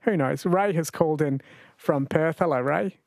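The voice is a man's, on the high side and a little mellow, with vocal fry and normal speed, recorded without echo. He's an Australian radio quiz host who chats, jokes, and laughs often into a studio mic.

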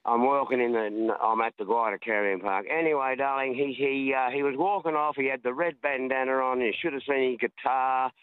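A man's voice: medium pitch, steady tone, a little fast, hardly any pauses, clean tone, no echo. Australian man on a tinny phone line. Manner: chatty storyteller, rambling and repetitive. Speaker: caller. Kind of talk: casual phone-in chat. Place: outdoors walking in a park.

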